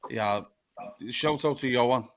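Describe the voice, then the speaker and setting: A man's voice: mid-range voice, unhurried. A tired man hosting a late-night football chat, swearing often and calling everyone lad. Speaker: live show host.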